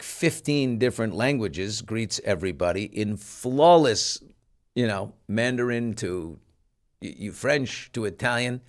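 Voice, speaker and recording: A middle-aged man hosting a podcast, commenting casually with lots of fillers and an incredulous tone. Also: medium pitch. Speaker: podcast host.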